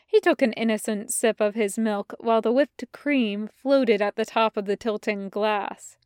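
A woman reading a fan story aloud as audiobook narration, in a measured, even storytelling manner. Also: on the high side, clean tone, no echo, studio quality. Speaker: podfic reader.

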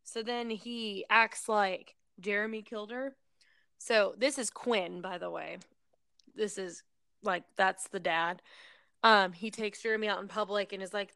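A woman's voice: medium pitch, fairly even intonation, creaky, fairly bright tone, clear, resonant tone, dry recording. A woman casually recapping a film plot in a rambling way, with lots of fillers, and briefly acting out the characters' lines. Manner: rambling storytelling with many fillers; acts out characters' lines in quick voices. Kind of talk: casual chat.

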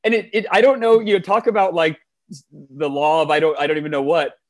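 A man in his forties speaks with a somewhat high voice, chatting as an interview guest. He tells stories in an animated, eager way, doubling words as he gathers his thoughts. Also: brisk. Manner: enthusiastic, animated, repeats words when starting phrases. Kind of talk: conversational storytelling.

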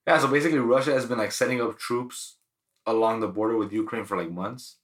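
A man's voice: medium pitch, steady tone, fast, fairly bright tone, echoey room. A man co-hosting a podcast, telling stories in loose, profane, slangy casual banter. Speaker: podcast co-host.

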